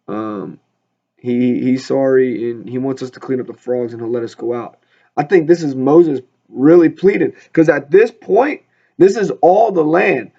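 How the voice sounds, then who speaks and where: A man's voice: on the high side, creaky, mellow. A man leading a casual Bible study, reading scripture aloud and then riffing on it with humor in a chatty way. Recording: dull lo-fi recording.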